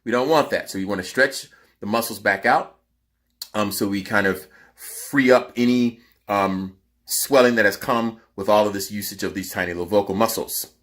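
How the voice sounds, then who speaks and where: A man coaching singers through a vocal cooldown, his lowish voice worn and tired. He talks casually but leans hard on his points. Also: moderate pace, a bit bright. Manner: emphatic, instructive.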